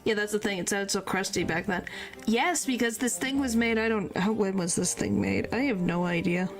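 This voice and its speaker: A woman's voice: mid-range voice, normal speed, soft background music. A woman streamer chatting casually and giggling while she reads game dialogue aloud into a streaming microphone. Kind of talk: casual game commentary with character line reading.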